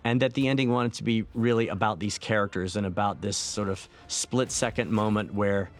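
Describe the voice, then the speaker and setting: A man, a film director, talking through his movie in a relaxed, reflective audio commentary, with many fillers and restarts. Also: lowish voice, normal speed. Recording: faint film soundtrack music underneath.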